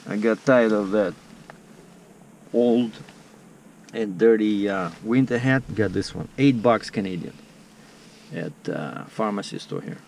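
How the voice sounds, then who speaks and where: A man's voice: lowish voice, slow, creaky, pauses often, a little mellow, slight background noise. A man vlogging casually outdoors, telling a story to the camera in a chatty, filler-heavy way. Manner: chatty, filler-heavy, acts out the other people's lines in dialogue.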